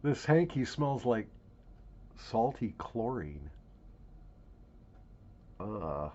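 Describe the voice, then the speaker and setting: A man talks straight to the camera in a wry, rambling way. His pitch leaps around, loud and hammy one moment and low and musing the next. The home recording sounds dull and lo-fi. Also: very animated, extremely slow. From Minnesota. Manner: wry, mock-grandiose, swings from loud hamming to quiet musing. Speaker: vlog host. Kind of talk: casual rambling monologue to camera.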